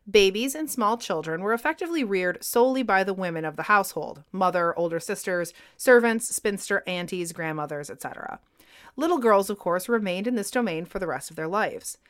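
A woman co-hosting a podcast, reading scripted history narration in a clear, even way. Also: medium pitch. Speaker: podcast co-host.

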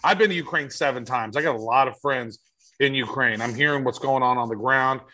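A man's voice: medium pitch, a little fast, sharp tone, poor audio. A man co-hosting a podcast, giving emphatic, rambling opinions in casual chat. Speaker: podcast co-host.

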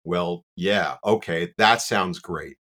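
A man with a deep, low voice tells a story in a casual, animated way. He pokes fun at himself and fills his sentences with "you know." He comes across as a chatty guest. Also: takes it slowly. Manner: animated, self-deprecating, many "you know" asides.

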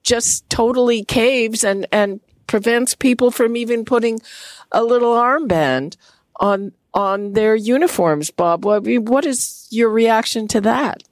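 Woman radio host, unhurried delivery, dry close sound, exacting about getting words right. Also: fairly high pitch, dry recording. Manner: measured, precise about pronunciation. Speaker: radio talk show host. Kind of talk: radio interview.

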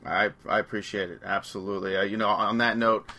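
Male podcast host, bright and forward voice, loose conversational storytelling. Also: on the low side, steady tone, a little fast. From Long Island, New York. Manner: chatty storyteller, laughs through anecdotes. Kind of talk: casual chat.

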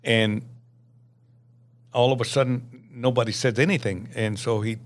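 A man in his eighties, a podcast guest telling stories in a lively way, laughing often and acting out the dialogue. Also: medium pitch, measured pace. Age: 80s. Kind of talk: anecdotal storytelling.

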